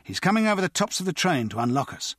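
Guy putting on a pushy victorian crook, higher voice, curt quick orders, husky and dry. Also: big pitch swings, a bit bright, dry recording, exaggerated voice. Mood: brisk. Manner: curt, urgent commands. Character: brisk, bossy male Victorian thief.

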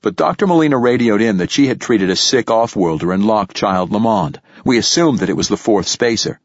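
A man voicing an earnest, oblivious colonel who reports in a quick, dutiful way. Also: on the low side, animated, no room sound, highs cut off, pitched above the performer's own voice.

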